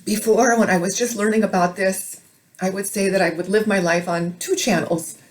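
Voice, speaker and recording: A video blogger from Minnesota, United States, speaks to camera in a mid-range, steady voice at a moderate pace. Her monologue is emotional and urgent.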